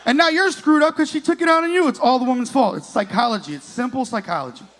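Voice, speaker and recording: A man's voice: extremely high pitch, lively intonation, fast talker, fairly bright tone. A man in his late thirties doing a crude, profane stand-up comedy set on a comedy club stage, working the crowd. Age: 30s.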